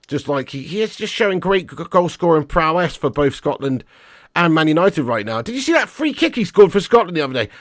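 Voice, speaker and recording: Excitable sweary man hosting a watch-along. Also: fairly high pitch, dry recording, studio quality. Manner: swears a lot, excitable, chats to viewers. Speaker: football watch-along host. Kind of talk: live match watch-along commentary.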